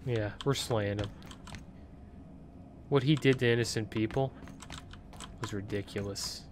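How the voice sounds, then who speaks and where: A man casually commentating his video game playthrough, chatty and excitable, recorded on a desktop mic at home. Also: fairly low pitch, measured pace, a little hiss or hum. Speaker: gameplay commentator.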